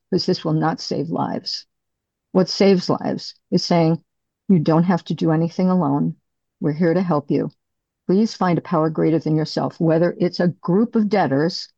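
A middle-aged woman giving a candid, halting personal recovery share as a speaker. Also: on the low side, gravelly, mellow, dry recording, dull audio.

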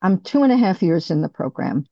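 A middle-aged woman giving a candid, halting personal recovery share as a speaker. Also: on the low side, sing-song, creaky, mellow, no room sound, dull audio.

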